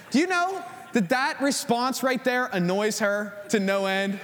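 A man preaching a sermon to a congregation, acting out stories in an animated way. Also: extremely high pitch, fairly quick, few pauses, long reverb tail, slight background noise. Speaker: pastor.

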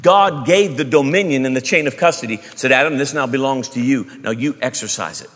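Emphatic preacher in a reverberant hall. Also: male voice, medium pitch, animated, brisk. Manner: emphatic preacher, shifts between loud bursts and hushed asides. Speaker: pastor. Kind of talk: sermon.

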